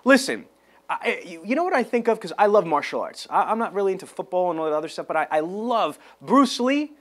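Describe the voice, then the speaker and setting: A man coaching salespeople with a pumped-up, motivational energy that keeps building. His voice sits high, and he breaks into excited whoops. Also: fairly quick. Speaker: sales trainer. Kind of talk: motivational sales training talk.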